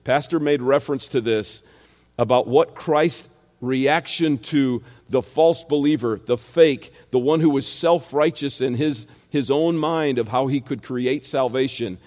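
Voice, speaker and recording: A man's voice: medium pitch, measured pace, a little mellow. Male preacher, rural American accent, emphatic, mid-range voice, long hall reverb. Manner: emphatic, rhetorical questions. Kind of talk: expository sermon.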